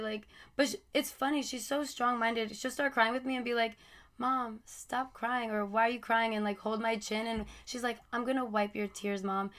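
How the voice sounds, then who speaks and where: On a podcast with friends, a mother in her twenties chats casually in laid-back slang, leaning heavily on "like" and "bro." Her voice is on the high side and a bit bright.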